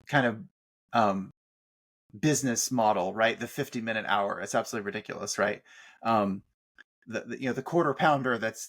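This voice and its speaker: Animated man telling a long personal story. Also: medium pitch. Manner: animated, frequent restarts and "like", acts out quoted therapists. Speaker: podcast guest, author. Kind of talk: conversational interview talk.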